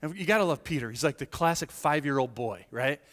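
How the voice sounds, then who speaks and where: A man preaching with a fairly high voice that drops low and soft, then climbs to emphatic peaks. He restarts often and checks in with the congregation as he goes. His words ring out with a long hall reverb. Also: fairly quick. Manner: animated, swings from hushed to emphatic, frequent restarts and "right?". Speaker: pastor. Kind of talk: sermon.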